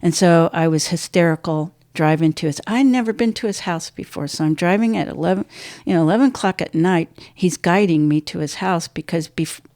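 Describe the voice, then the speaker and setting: An older woman, a podcast guest, telling a painful personal story, halting and restarting, her voice dropping low and soft at hard moments. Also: no echo, studio quality.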